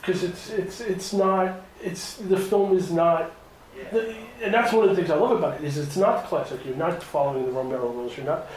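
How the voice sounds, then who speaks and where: A man's voice: fairly high pitch, a little fast, a little mellow. A man interviewing filmmakers in a casual, rambling way, full of restarts and close to tears. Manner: rambling, many restarts, emotional. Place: hotel room at a film festival. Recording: very echoey room.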